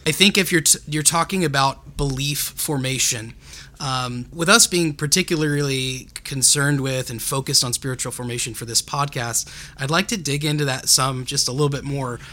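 A male podcast host with a bright, forward tone asks a guest long, careful questions. He speaks in measured steps and builds each question up piece by piece. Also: mid-range voice.

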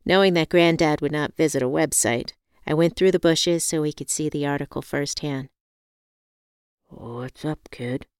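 A woman reads a first-person novel aloud in a calm, measured way. Her voice sits a little low and sounds smooth and crisp, recorded close and dry. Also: no echo. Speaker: audiobook narrator. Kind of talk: scripted first-person narration.

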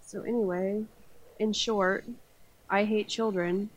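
A woman hosting a casual podcast, her voice sitting at an ordinary middle pitch. She laughs often and swears freely as she chats. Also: steady tone, slow, rough recording. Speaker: podcast host. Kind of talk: casual chat.

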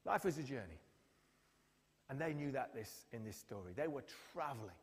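A man's voice: medium pitch, normal speed. A man preaching a sermon, telling the story with acted-out quotes. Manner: storytelling, acts out quotes with lively voices. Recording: long hall reverb.

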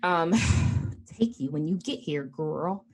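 A woman's voice: low voice, animated, slow pace, a little mellow, breathy edge. Chatty woman co-host telling a story. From United States. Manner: rambling storytelling with many fillers. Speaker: podcast co-host. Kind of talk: casual chat.

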